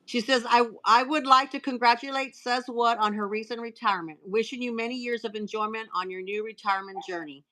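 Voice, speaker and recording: Chatty lady host reading messages on a live stream, lots of ums and restarts, bright voice. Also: fairly high pitch, low-quality recording. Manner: chatty, reads cards aloud with filler pauses and restarts.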